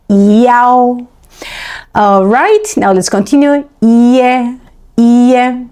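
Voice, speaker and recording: A woman teaching a pronunciation lesson, repeating syllables slowly one by one and explaining patiently with small restarts. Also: on the high side, expressive, warm tone. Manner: slow, deliberate repetition of syllables. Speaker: language teacher.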